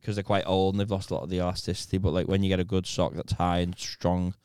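A man's voice: low voice, little pitch movement, fast, a little mellow, smooth, no echo, studio quality. A man, co-hosting a podcast in crude, casual banter. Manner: crude, laughs a lot. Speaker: podcast co-host.

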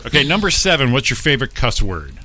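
A man hosting a podcast, reading out quiz questions in an upbeat, lively way in a studio. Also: medium pitch, fast. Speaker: podcast host running a quiz. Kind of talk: casual podcast chat.

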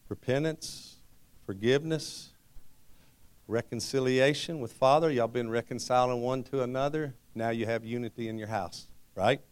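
A middle-aged man with a drawl preaches from the pulpit, weaving a personal testimony into his sermon. He tells it in an animated, storytelling way and breaks into laughter again and again. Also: mid-range voice, clean tone.

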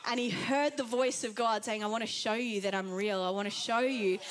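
A woman's voice: fairly high pitch, steady tone, fairly quick. A young Australian woman preaching an earnest, chatty Pentecostal sermon to a congregation. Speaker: guest preacher.

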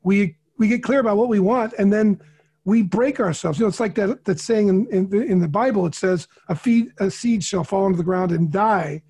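A man's voice: sits high, moderate pace, mellow, husky. A middle-aged man, a podcast co-host, telling a heartfelt personal story in an earnest way and often repeating words. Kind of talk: candid storytelling.

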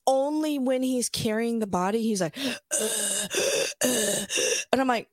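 A young woman co-hosting a podcast, retelling scenes in a profane, animated, laughing way. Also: on the high side, fairly quick, no echo, clean studio sound. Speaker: podcast co-host. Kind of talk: casual chat.

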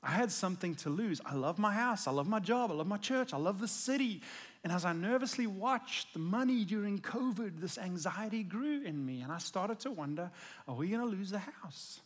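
A man's voice: high voice, expressive, normal speed. A male pastor giving a conversational sermon, earnest and emphatic as he tells a personal story.

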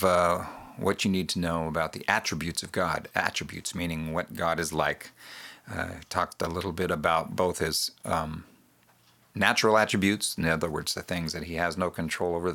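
A man with a low, deep voice wraps up the episode in an easy, unhurried way, dropping in plenty of fillers as he goes. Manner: relaxed, with fillers like "uh" and "um". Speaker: podcast host. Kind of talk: casual wrap-up talk.

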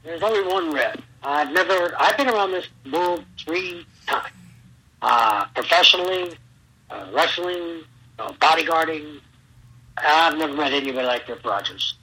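Animated husky bright-voiced man telling stories. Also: on the high side, normal speed, poor audio. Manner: animated storyteller, acts out quotes loudly. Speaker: guest, former pro wrestler. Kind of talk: storytelling interview.

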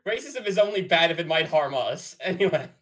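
A man co-hosting a casual podcast, animated and swearing, with stammering restarts. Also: fairly high pitch, a little fast. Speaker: podcast co-host.

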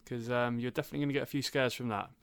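A man's voice: mid-range voice, fairly even intonation, racing, clear, resonant tone. A man hosting a podcast, chatting casually and reading news with a wry manner. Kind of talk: casual chat.

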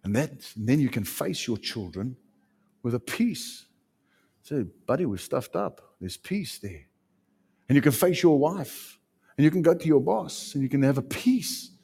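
A man preaching a sermon, swinging between loud emphatic lines and hushed ones. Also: medium pitch, expressive, normal speed, creaky, breathy edge.

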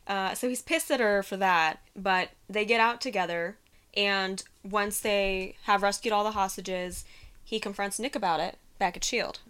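Woman gushing about a movie on a podcast, laughs a lot, swears casually, mid pitch. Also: steady tone, a little slow, a bit bright, clean tone. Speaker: podcast co-host. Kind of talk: casual film recap chat.

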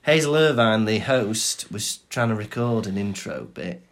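A man's voice: on the low side, a little slow. A man, co-hosting a podcast in casual chat, telling jokey stories and recapping a book chapter. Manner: jokey, animated storytelling. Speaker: podcast co-host.

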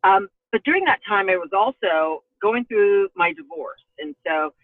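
A woman's voice: mid-range voice, normal speed, dry recording. Middle-aged woman telling her story over a tinny phone line, emphatic, dry close sound. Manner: emphatic and expressive, voice rising with feeling. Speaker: guest, former news anchor. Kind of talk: personal storytelling in a podcast interview.

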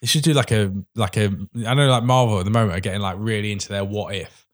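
A man's voice: on the low side, fast talker. A man co-hosting a podcast in casual chat, rambling with many fillers and casual swearing. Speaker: podcast co-host.

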